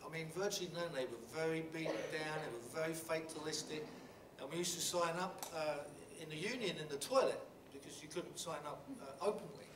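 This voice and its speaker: Man telling stories in a hall. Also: a little high. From England. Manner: halting, many restarts and fillers, blunt and swearing. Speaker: panel speaker. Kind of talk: storytelling at a panel talk. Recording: roomy hall from a distant mic with background noise.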